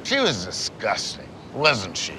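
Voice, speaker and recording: An actor playing a crude, blunt older father in a film scene, talking in a slow drawl. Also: lowish voice, huge pitch swings, pushed and bright, heavily acted, poor audio. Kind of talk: film dialogue. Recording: film clip with background noise.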